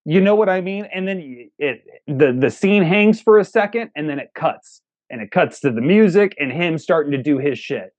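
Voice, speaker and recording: A man's voice: on the high side, expressive, moderate pace, hardly any pauses, a little mellow, dull audio. A man co-hosting a movie review, emphatic and enthusiastic as he praises favorite lines. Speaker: co-host of a movie review show. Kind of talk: casual review chat.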